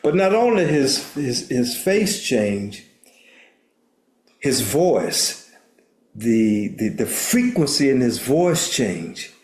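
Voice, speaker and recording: This is a slow, slightly mellow mid-range male voice with big swings in pitch. The speaker, an older U.S. therapist and minister, earnestly recounts a story as an interview guest and keeps restarting words, with roomy echo on the recording.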